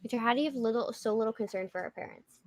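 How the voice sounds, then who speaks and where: A woman's voice: on the high side, very fast, dry recording. A young woman hosting a casual livestream, chatting and rambling with jokey asides as she reads viewer comments. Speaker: livestream host.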